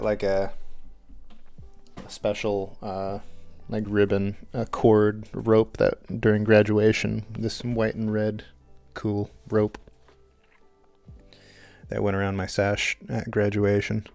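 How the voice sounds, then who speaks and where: A man's voice: fairly low pitch, level tone, slow pace, vocal fry, a little mellow, soft background music. A man telling a rambling story on a live stream while he paints, hesitant and self-conscious, with a dry throat.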